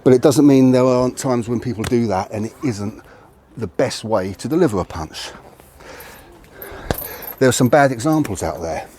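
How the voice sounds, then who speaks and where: Near a tree outdoors, a martial arts instructor gives an explanatory video lesson on punching. His mid-range voice is animated and dark-toned at a moderate pace. He speaks casually, fixes his own phrasing and is a little out of breath, with a touch of hiss or hum present.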